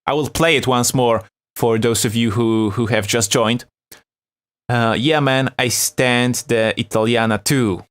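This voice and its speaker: A man's voice: medium pitch, fairly even intonation, measured pace, fairly bright tone, smooth. Polish guy, young, chatty live stream host, accent, reads chat out and laughs a lot, mid voice. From Poland. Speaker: beat-making livestream host.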